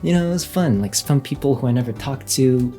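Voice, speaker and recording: Young guy rambling through a story to camera, mid pitch, faint music under it. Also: animated, fairly quick, mellow. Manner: chatty, with frequent fillers and light laughs. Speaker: vlogger. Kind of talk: casual storytelling.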